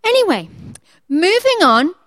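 A woman preacher in her thirties telling a chatty personal story with animated quoted voices before turning to her sermon. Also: very high voice, a little slow, dry recording.

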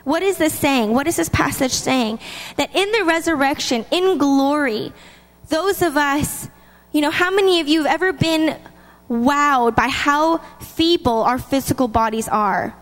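A woman preaching a sermon in a lively, chatty way. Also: high voice, measured pace. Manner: lively, chatty, laughs between points. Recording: long hall reverb.

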